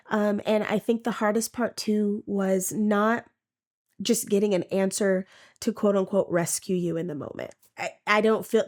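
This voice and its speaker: Halting, emotional woman telling her story. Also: mid-range voice, darkish tone. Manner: halting, emotional, repeats words; acts out her own past words. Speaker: testimony speaker. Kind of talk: personal faith testimony.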